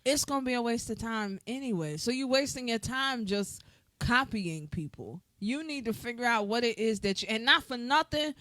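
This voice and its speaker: Lively, laughing woman podcast host. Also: on the high side, normal speed, no echo, studio quality. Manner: animated, laughs often, talks in run-on asides. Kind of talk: casual chat.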